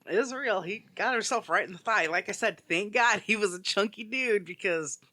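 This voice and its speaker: Casual podcast co-host, male, high and bright, rambling storyteller. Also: normal speed, no room sound. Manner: rambling storyteller, heavy use of "like". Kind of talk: casual chat.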